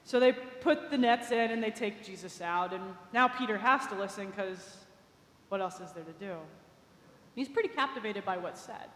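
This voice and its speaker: A woman's voice: medium pitch, normal speed, a bit bright. A woman preacher retelling a story in a conversational sermon, with small asides. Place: large cathedral. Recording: echoey cathedral with long reverb.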